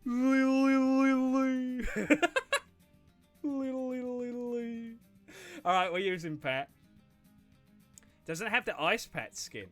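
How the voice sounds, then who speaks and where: A man's voice: sits high, pushed and bright. A man chatting casually and swearing freely while livestreaming a video game. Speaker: streamer. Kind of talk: casual gaming livestream chat.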